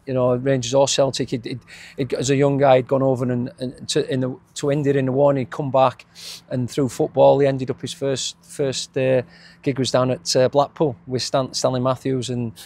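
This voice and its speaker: A man's voice: medium pitch, little pitch movement, moderate pace, darkish tone. A middle-aged man with a Yorkshire accent, a former footballer reminiscing in a casual interview, rambling with frequent restarts and chuckles. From England.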